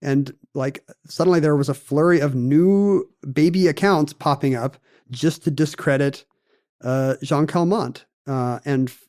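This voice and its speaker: A man co-hosting a podcast, laying out a strange story in a wry, meandering way. His voice sits a little high for a man, and he keeps the tone conversational as he trails off into fillers. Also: a little slow, a little mellow. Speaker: podcast co-host.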